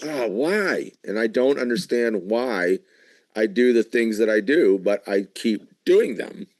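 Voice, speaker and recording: A man co-hosting a live Bible study, talking in an animated, emphatic way and asking lots of questions. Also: fairly low pitch, a little slow, dry recording. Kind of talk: casual Bible study discussion.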